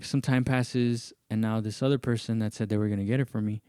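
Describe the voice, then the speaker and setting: A man in casual podcast chat with a mellow, warm tone, recorded close and dry. He tells his story animatedly, jumping up high whenever he mimics other people's lines. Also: a little fast, clear, resonant tone, no room sound. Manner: animated, acts out others' lines in raised voices. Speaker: podcast host.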